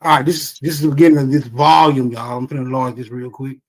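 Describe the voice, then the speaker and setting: A man's voice: mid-range voice, steady tone, fast. A man reading from a historical source on a livestream, reading in spurts with casual asides.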